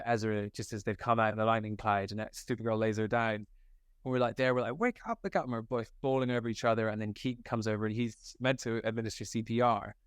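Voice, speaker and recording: A young man from Scotland, an actor, telling set stories in a casual interview, animated and slangy, full of filler likes. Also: on the low side, smooth, no room sound, studio quality. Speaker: actor guest.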